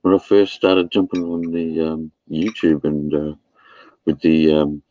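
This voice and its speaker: Very deep-voiced man, laid-back. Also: steady tone, measured pace, highs cut off. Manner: laid-back, swears, laughs often. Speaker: livestream host. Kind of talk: casual chat.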